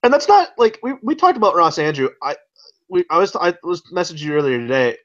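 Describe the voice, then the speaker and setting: A man co-hosting a casual comic book podcast, talking in an animated, questioning way. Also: quick pace, lo-fi sound. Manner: animated, questioning, jumps pitch when excited. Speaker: podcast co-host.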